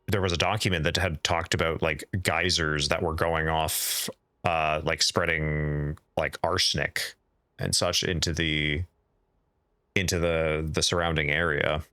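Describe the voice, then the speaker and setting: A man's voice: rumbling low, flat delivery, unhurried, pushed and bright, clean tone, no echo. A man streaming a game live, reading in-game documents aloud and chatting with his viewers in a rambling, casual way. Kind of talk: casual live-stream chat while playing.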